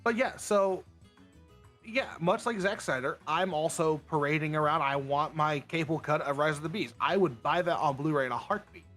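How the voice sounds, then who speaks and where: A young man hosts a livestream, chatting casually with friends and sharing his opinions in a fairly high voice at a moderate pace. He's animated and opinionated, slipping into mock voices, with soft music playing in the background.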